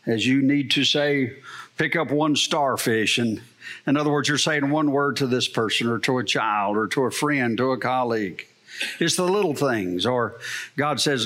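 A man's voice: medium pitch, normal speed, a bit bright. A middle-aged male pastor preaching a sermon, telling a story and asking the congregation rhetorical questions.

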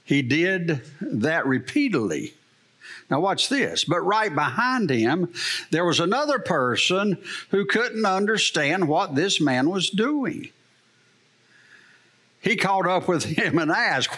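A man's voice: on the high side, lively intonation, takes it slowly, a bit bright. A middle-aged male pastor preaching a sermon, telling a story and asking the congregation rhetorical questions.

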